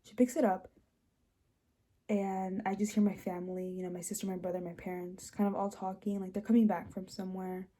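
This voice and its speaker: A young woman sharing a personal testimony, speaking emotionally with many restarts and fillers, dropping soft and rising louder. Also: little pitch movement, a little fast. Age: young adult. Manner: swings between soft low passages and louder rises. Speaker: host.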